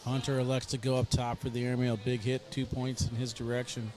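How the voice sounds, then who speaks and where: A man's voice: mid-range voice, flat delivery, fairly quick, darkish tone, a little hiss or hum. A man giving live play-by-play commentary on a cornhole match, chatty and joking between plays. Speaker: sports commentator.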